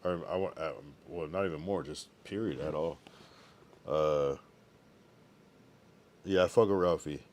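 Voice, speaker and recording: A man's voice: extremely low pitch, unhurried, long pauses, darkish tone. A young man livestreaming, chatting casually with viewers in a laid-back, drowsy way, full of slang and loose asides, yawning now and then. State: sleepy, yawning. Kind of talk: casual livestream chat reading viewer comments.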